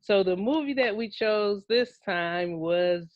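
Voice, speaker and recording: A woman's voice: medium pitch, takes it slowly, no echo, lo-fi sound. A woman co-hosting a casual movie review show, chatting loosely with laughs and self-corrections. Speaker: podcast co-host.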